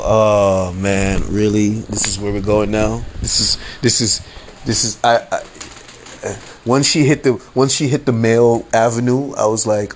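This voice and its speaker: A man's voice: lowish voice, fairly even intonation, unhurried, slight background noise. A man hosting a podcast, telling a story in a casual, slangy, rambling way and repeating his phrases. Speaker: podcast host.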